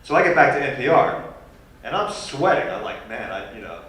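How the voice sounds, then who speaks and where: A man's voice: medium pitch, brisk. Guy spinning a self-mocking anecdote at a lecture, distant mic, noisy hall. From New York. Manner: animated, self-deprecating storyteller. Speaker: guest speaker. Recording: echoey hall recorded from far off.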